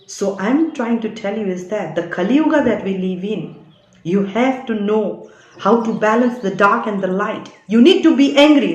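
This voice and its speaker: A woman's voice: fairly high pitch, expressive, normal speed, a little mellow. A woman giving a spiritual guidance monologue as a channel reader. She talks in a preachy, insistent way and keeps tagging "all right?" onto her lines. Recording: echoey room.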